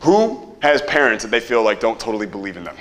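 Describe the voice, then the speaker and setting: A young man running a live marketing workshop, energetic, quizzing the audience and swearing casually. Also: fairly low pitch, quick pace, slight background noise.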